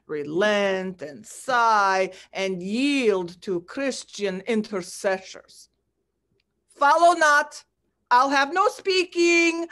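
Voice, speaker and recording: A woman reading the part of a bitter male moneylender in an unrehearsed play reading, insistent, with sudden jumps in pitch.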